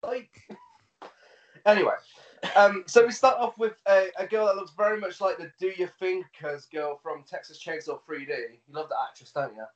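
A man co-hosts a casual film podcast, swearing freely and laughing as he retells scenes. His voice is slightly high and lands from across a roomy space. The sound is dull and a bit far from the mic. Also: moderate pace. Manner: swearing, laughing, animated storytelling. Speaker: podcast co-host. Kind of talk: casual film review chat.

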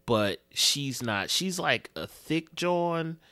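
A man's voice: fairly high pitch, expressive, slow pace, pushed and bright, clean tone, no echo, studio quality. A man co-hosting a podcast, rambling through stories in loose, profane street slang. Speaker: podcast co-host. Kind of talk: casual podcast chat.

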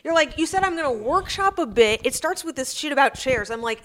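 A woman co-hosting a comedy podcast, blunt and exasperated, who swears freely as she banters. Her voice is pitched a little high. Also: animated, brisk, a bit bright, a little hiss or hum. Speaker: podcast co-host.

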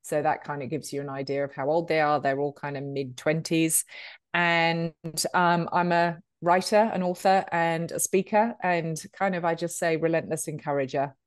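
A woman's voice: sits low, fairly even intonation, normal speed, dry recording, clean studio sound. Chatty British woman in her fifties. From Britain. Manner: chatty, warm-humored, many ums. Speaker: podcast guest, author and speaker. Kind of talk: conversational interview.

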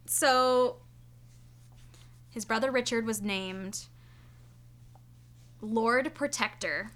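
A woman's voice: on the high side, extremely slow, a bit bright. A young woman co-hosting a podcast, telling a story in casual chat and rambling with fillers and asides. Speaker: podcast co-host.

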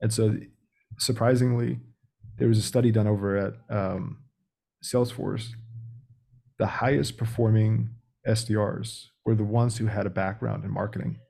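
A man's voice: lowish voice, fairly even intonation, moderate pace, vocal fry, warm tone. A young man speaking as a podcast guest about sales, talking directly and acting out phone calls. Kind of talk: casual interview talk.

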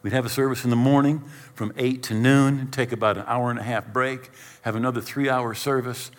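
A man's voice: medium pitch, brisk, long reverb tail. A middle-aged male pastor telling a humorous personal story in a sermon, acting out scenes and poking fun at himself. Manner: animated, self-deprecating storyteller acting out scenes.

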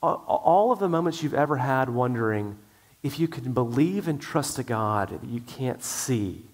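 Earnest man preaching a sermon. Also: mid-range voice. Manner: earnest preaching with repeated restarts. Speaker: pastor.

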